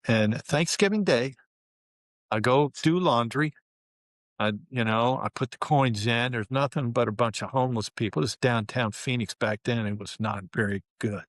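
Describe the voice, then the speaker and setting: A man's voice: medium pitch, moderate pace, no room sound, clean studio sound. Older man telling a candid story. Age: 70s. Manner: candid, relaxed, colorful, with frequent fillers. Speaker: guest, former pro basketball player. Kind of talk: casual storytelling interview.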